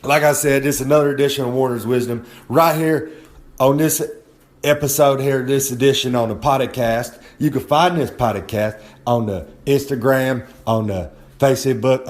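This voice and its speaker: Brash wrestler boasting into a phone. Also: male voice, mid-range voice, steady tone, unhurried. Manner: brash, boastful, talks of himself in the third person. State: sore and hungover. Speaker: wrestler with a regular podcast segment. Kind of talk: wrestling promo monologue. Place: at home. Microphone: phone held close to the face.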